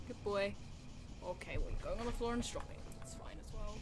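A woman's voice: medium pitch, a little fast, noisy background. A young woman streaming a horror game from her desk at home, chattering anxiously, mocking herself and breaking into sudden screams. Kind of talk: live game commentary.

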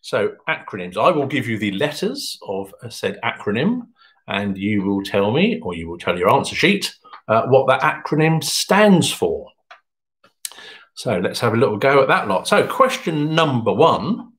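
A man's voice: very animated, moderate pace, a bit bright. A man hosting an online pub quiz, reading answers in a chatty, jokey way. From England. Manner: chatty, jokey, pitch jumps up when announcing. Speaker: quiz host.

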